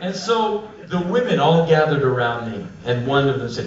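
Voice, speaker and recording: A man telling profane, animated stories at a live spoken-word show, recorded from a distance in an echoey, dull-sounding venue. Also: mid-range voice, moderate pace, a little hiss or hum. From United States. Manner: animated, profane, acts out quotes. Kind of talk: live comic storytelling.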